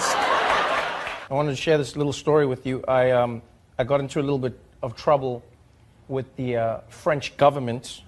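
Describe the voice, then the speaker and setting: A man from South Africa performing stand-up comedy, acting out both sides of imagined phone calls in raised, animated voices. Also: medium pitch, normal speed, noisy background. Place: comedy stage with a live audience.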